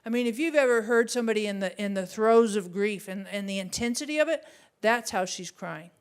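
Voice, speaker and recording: A middle-aged woman pastor preaching a sermon, animated and conversational, asking her listeners rhetorical questions. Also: mid-range voice, brisk, clean tone.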